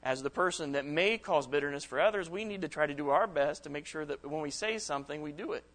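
Conversational man preaching, higher voice. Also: fast, fairly bright tone. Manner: conversational, acts out quoted texts and reactions. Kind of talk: sermon to young people at camp.

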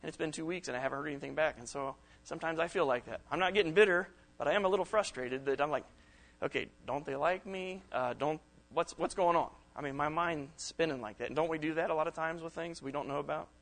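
A middle-aged man gives a sermon to young people at a camp. He keeps it chatty and acts out the texts and comebacks he describes. His voice sits a little high for a man. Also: rapid-fire, few pauses, a bit bright. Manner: conversational, acts out quoted texts and reactions. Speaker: preacher.

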